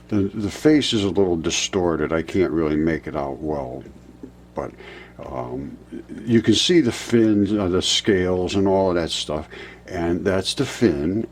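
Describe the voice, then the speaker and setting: A man in his seventies narrating over a map, insistent, rebutting doubters and jumping up in pitch when pointing things out. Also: darkish tone. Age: 70s. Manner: insistent, rebutting imagined objections. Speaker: presenter of a fringe geology channel.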